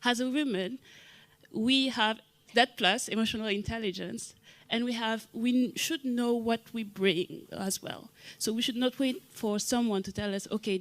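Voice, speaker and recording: A woman's voice: fairly high pitch, no room sound. A woman from the audience giving an earnest comment at a panel, laying out her points one by one. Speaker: audience member.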